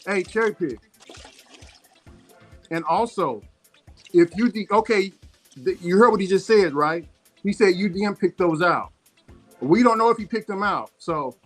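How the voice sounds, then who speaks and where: A man's voice: high-pitched, a bit bright. A man hosting a casual streamed chat, talking insistently, repeating and restarting himself. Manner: repetitive, stumbling, insistent. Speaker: show host.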